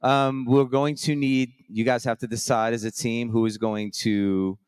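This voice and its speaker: A man's voice: mid-range voice, flat delivery, a little slow, a little mellow, clean tone, dry recording, studio quality. Upbeat chatty man hosting on stage. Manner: upbeat, chatty, rambling with frequent restarts. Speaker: host. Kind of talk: live stage hosting and casual storytelling. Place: conference stage before a live audience.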